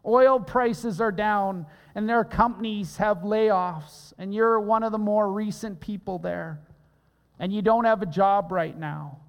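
Male pastor, unhurried emphatic sermon delivery, long hall reverb. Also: high-pitched, dull audio. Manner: earnest, emphatic preaching with repeated phrases.

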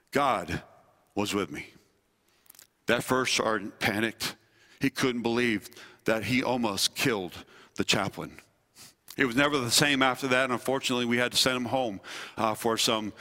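A man, a pastor and former army chaplain, preaching a sermon with earnest delivery, slowing and dropping low on key phrases. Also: bright, forceful tone. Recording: long hall reverb.

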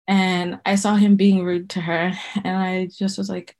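A woman's voice: medium pitch, level tone, normal speed, hardly any pauses, mellow. A woman in her thirties from Zimbabwe, telling personal stories casually and rambling with many fillers. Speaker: guest herbalist. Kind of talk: casual storytelling.

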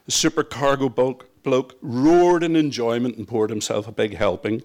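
A man's voice: medium pitch, normal speed, few pauses, a little mellow. A man from Northern Ireland reading his own memoir aloud in a wry, reflective storytelling manner. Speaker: narrator. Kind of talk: first-person memoir reading.

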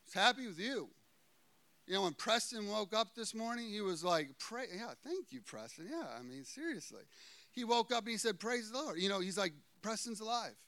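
A man's voice: sits high, animated, moderate pace, a bit bright, no echo. A man preaching a sermon, reading scripture and adding playful, chatty asides that keep checking in with his listeners.

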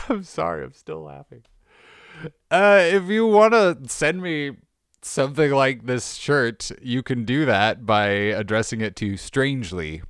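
A man's voice: lowish voice, no echo, clean studio sound. A man hosting a podcast, casually reading odd text aloud and laughing at it. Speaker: podcast host.

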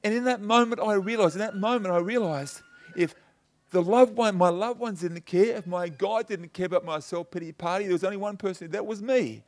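Speaking a little fast in a high-pitched voice, this middle-aged pastor delivers a chatty, personal sermon. He shares stories from his own life and checks in with listeners, tagging points with "okay?" and "you know".

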